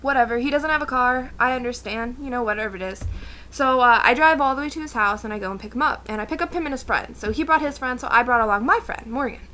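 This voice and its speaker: A woman's voice: on the high side, fast talker, bright, forceful tone, slight background noise. A young woman vlogging a casual storytime rant, sarcastic and exasperated as she tells it.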